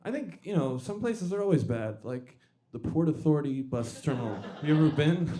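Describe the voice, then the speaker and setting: A young male comedian performs a stand-up set in a comedy club, speaking into a stage mic. His voice is dark and mellow at a middle pitch, and his delivery is dry and halting, full of small restarts and self-deprecating asides.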